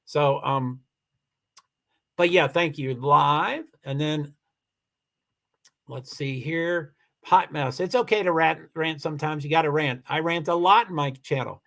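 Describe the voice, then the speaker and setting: Man, livestream host, a touch higher-pitched, halting casual delivery, insistent streak. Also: gravelly, a bit bright. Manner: halting, many restarts, firm and insistent when annoyed. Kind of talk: casual livestream chat reading comments.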